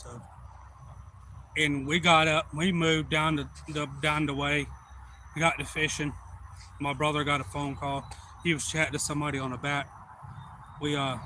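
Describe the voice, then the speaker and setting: A man hosts a live fishing stream and rambles through a folksy story. His voice sits a bit high and sounds bright and sharp. He gets loud and excited as the story builds. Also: a little hiss or hum, poor audio. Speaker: fishing livestream host. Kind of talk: casual storytelling on a livestream.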